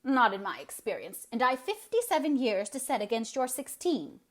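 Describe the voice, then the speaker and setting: A woman's voice: fairly high pitch, very animated, normal speed, pitched above the performer's own voice. A woman reading aloud, voicing a grim, sour spinster in her late fifties who speaks with contempt. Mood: scornful. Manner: scornful, contemptuous.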